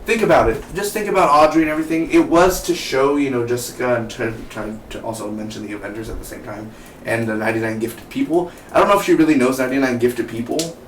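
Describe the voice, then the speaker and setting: A man's voice: mid-range voice, fast. A young man casually reviewing a TV episode, rambling and chatty with many restarts. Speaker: TV show reviewer. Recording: roomy, distant mic, faint hiss.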